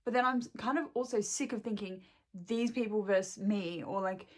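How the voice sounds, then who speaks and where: A woman's voice: medium pitch, moderate pace. A young woman and shop worker venting to her camera at home, swearing heavily and rambling, close to tears. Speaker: vlogger and shop employee.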